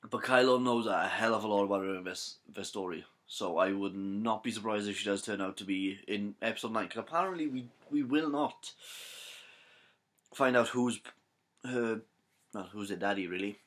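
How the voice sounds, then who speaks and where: A man's voice: on the low side, normal speed, a bit bright. A young man with a Welsh accent chatting casually to camera, rambling and correcting himself, with trouble saying his th sounds. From Wales. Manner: rambling, self-correcting, slangy. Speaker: fan vlogger. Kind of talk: casual theory chat to camera.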